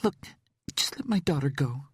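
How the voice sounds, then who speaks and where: A man voicing a terrified young mother who pleads with a captor in a strained, high voice. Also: animated, moderate pace, husky, dry recording, studio quality. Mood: desperate.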